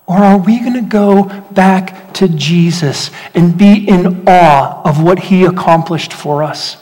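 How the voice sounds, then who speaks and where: A man preaching a sermon as pastor, animated, swinging between loud rhetorical questions and hushed emphasis. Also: sits high, takes it slowly, hardly any pauses. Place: church hall. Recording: long hall reverb.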